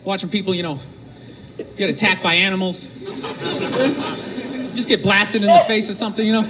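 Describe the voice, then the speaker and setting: A male stand-up comedian doing an animated routine, shouting his punchlines in mocking bursts. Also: high voice, normal speed. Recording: live club set with crowd laughter and noise. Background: audience laughing.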